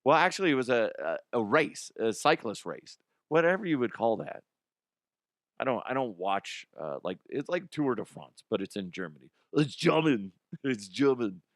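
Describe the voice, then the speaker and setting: A man's voice: medium pitch, sing-song, normal speed, dry recording, clean studio sound. A man hosting a comedic news show, talking in a rambling, profane way with frequent laughter. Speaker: podcast host.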